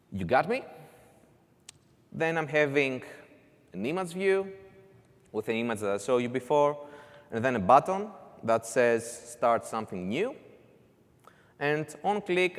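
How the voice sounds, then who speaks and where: A man with a fairly high voice gives a talk in a conference hall, where a long reverb tail follows his words. He walks through a live demo step by step, adding casual asides.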